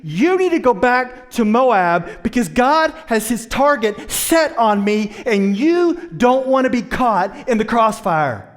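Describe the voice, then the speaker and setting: A man's voice: very high voice, sing-song, slow pace, few pauses, voice pushed up, exaggerated voice. A preacher voicing Naomi, a bitter grieving older woman, with raised, emphatic pleading in a dramatized scripture retelling during a sermon. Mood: urgent. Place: church sanctuary. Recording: long church reverb.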